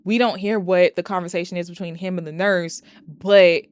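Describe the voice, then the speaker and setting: A woman's voice: on the low side, fairly even intonation, moderate pace, clear, resonant tone. A woman recapping a movie plot in a casual, chatty way, swearing freely and throwing in exasperated asides. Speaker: movie reviewer.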